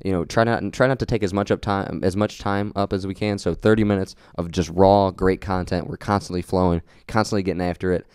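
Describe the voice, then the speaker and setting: A man's voice: low-pitched, steady tone, fairly quick, few pauses, a little mellow, clean tone, no echo, studio quality. A young man co-hosting a podcast in casual chat, talking earnestly and rambling a little about goals and motivation. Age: young adult. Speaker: podcast co-host.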